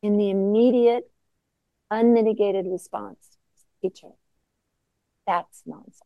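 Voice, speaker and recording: A woman teaching as a Zen teacher in a reflective dharma talk, mostly soft-spoken with sudden emphatic bursts. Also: mid-range voice, fairly even intonation, slow, no echo, lo-fi sound.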